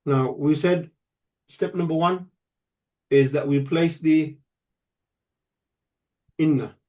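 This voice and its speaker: Mellow-voiced man teaching a grammar lesson. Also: a little high, steady tone, slow. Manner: patient, explains step by step with checking questions. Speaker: Arabic teacher.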